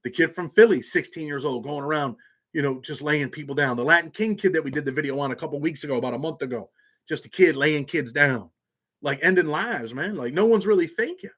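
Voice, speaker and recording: A man's voice: on the high side, fairly quick, fairly bright tone. A man hosting a casual livestream, talking bluntly in street slang. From New York. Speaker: channel host.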